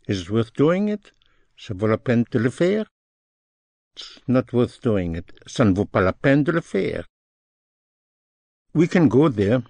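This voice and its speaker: A man giving a language lesson, saying each phrase slowly and with care. His voice sits in a middle pitch, and the recording is close and dry, with no room sound. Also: darkish tone, no echo. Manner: slow, deliberate, repeats each phrase in two languages. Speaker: French teacher.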